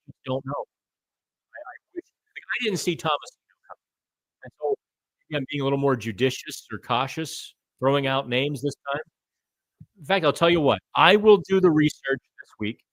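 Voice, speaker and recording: A middle-aged man hosting a live hockey chat, answering viewer comments in a loose, thinking-out-loud way and stumbling over names now and then. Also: fairly high pitch, normal speed, no echo. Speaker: hockey podcast host.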